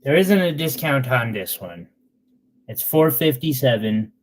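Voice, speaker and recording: A man's voice: medium pitch, big pitch swings, measured pace. A man selling gemstones on a live stream, chatting in a casual, sentimental way with loose fillers. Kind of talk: casual live sales chat.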